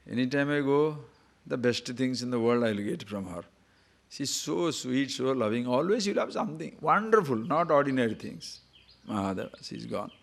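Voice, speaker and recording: An older man delivers a spiritual discourse in a voice of middle pitch. He talks in an animated way, full of rhetorical questions and small chuckles. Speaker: spiritual teacher.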